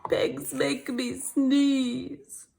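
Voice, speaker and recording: A woman's voice: sits high, big pitch swings, very slow, creaky, a little hiss or hum, full character voice. A woman voicing an anxious, melodramatic young male elephant in a children's storybook read-aloud. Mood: dramatic. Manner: melodramatic, loud, wailing.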